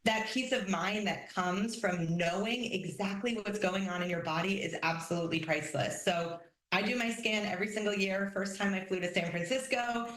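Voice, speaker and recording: A woman in her thirties, a patient, speaking in a calm, matter-of-fact way. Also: medium pitch, moderate pace. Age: 30s. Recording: echoey room.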